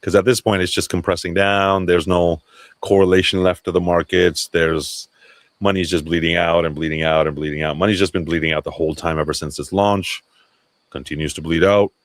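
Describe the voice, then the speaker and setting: A man's voice: low-pitched, little pitch movement, fairly quick, no echo. A man hosting a casual livestream chat, talking loosely with swearing and restarts. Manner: loose, profane, self-interrupting. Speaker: livestream host.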